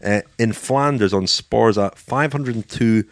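A man's voice: medium pitch, slow, dry recording. A man co-hosting a podcast in casual chat, with a wry, dry sense of humor. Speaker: podcast co-host.

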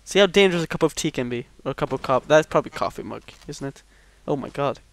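A young man chatting over a game with a friend, laughing often and blurting out swears when excited. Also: a little high, fast talker. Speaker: gamer co-host. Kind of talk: casual gaming commentary.

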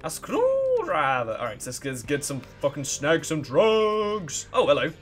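A man giving profane, excitable and sarcastic commentary while playing a video game. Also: on the high side, moderate pace, soft background music. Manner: profane, excitable and sarcastic, with mocking put-on voices. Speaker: let's play gamer. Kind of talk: casual gameplay commentary.

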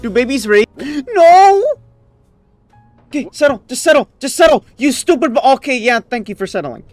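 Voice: mid-range voice, expressive, quick pace, dry recording, soft background music. Raging gamer yelping and muttering. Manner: raging, swinging between yelps and mutters. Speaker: gaming YouTuber. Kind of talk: let's play commentary.

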